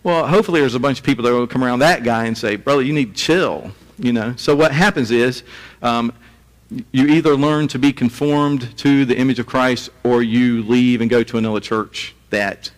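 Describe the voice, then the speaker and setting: A man's voice: mid-range voice, normal speed. Chatty male pastor in echoey hall. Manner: conversational, chuckling asides. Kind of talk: sermon.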